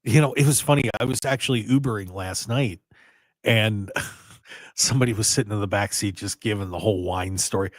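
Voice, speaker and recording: A man hosting a wrestling radio show in casual chat, animated and prone to repeating words as he starts a sentence. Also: lowish voice, fairly quick, no echo, studio quality.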